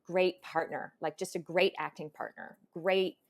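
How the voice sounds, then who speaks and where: A woman's voice: lowish voice, fairly even intonation, unhurried. A woman speaking as a voice actor guest in an interview, reflective and given to laughing. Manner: warm, reflective, laughs often. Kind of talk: conversational interview.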